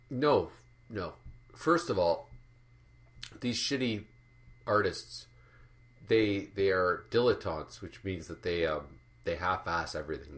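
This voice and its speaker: Deep-voiced man ranting sardonically. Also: a bit bright. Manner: sardonic, profane, rambling with many fillers. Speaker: art commentary vlogger. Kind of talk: ranting monologue.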